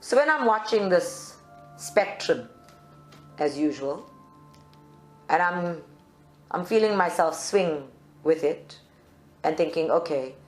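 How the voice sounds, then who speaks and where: A woman's voice: fairly low pitch, lively intonation, slow, pauses often, faint music behind. A woman from South Africa leading a group in a channeled spiritual talk, reflective and at times heated. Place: meditation centre room. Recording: roomy live recording.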